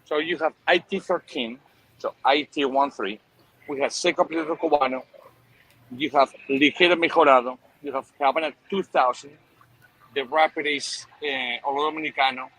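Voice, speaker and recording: A man with a non-native English accent, a cigar company owner chatting casually and explaining in a halting way. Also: on the high side, fairly bright tone, poor audio. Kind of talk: casual chat on a call.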